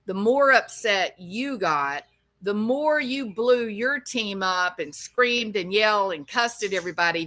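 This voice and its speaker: Slow-talking woman, bright and scolding. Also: medium pitch. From American South, Arkansas-Louisiana area. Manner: scolding, preachy, addresses her subject directly. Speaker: commentary channel host. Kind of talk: opinionated commentary monologue.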